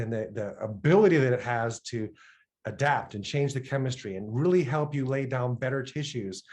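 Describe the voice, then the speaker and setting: A middle-aged man speaking in a mid-range voice, giving an enthusiastic talk with lively storytelling. He acts out the people he quotes as he goes. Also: medium pitch. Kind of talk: enthusiastic presentation.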